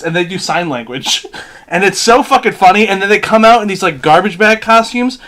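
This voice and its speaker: A man's voice: sits high, moderate pace, a bit bright. A man chatting casually while watching a movie with a friend on stream, swearing a lot as he rants in exasperation. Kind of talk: casual watch-along chat. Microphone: headset or desk mic with earphones.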